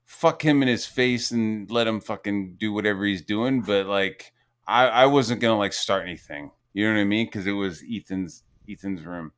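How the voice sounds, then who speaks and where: Speaking at a normal speed, a man with a lowish, smooth, fairly bright voice hosts a podcast. In his forties, he rambles through a long story, cursing often, filling gaps with "like," and acting out what people told him.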